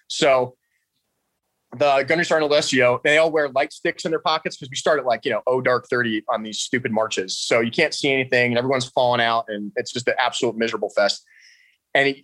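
A man's voice: medium pitch, no echo, poor audio. A man, a podcast guest telling stories animatedly and laughing often. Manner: animated, laughs often, quotes others in raised voice. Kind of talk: casual storytelling.

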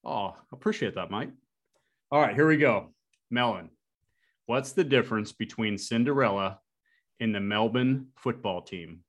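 A man hosting a podcast, chatting casually and telling jokes in an upbeat, energetic way. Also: fairly low pitch, a little slow, long pauses. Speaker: podcast host. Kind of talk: casual chat.

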